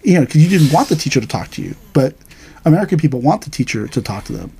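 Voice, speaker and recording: A man's voice: medium pitch, sing-song, fast, creaky, warm tone, husky. A middle-aged man, an aikido teacher, telling stories in casual chat, acting out quoted voices and laughing along.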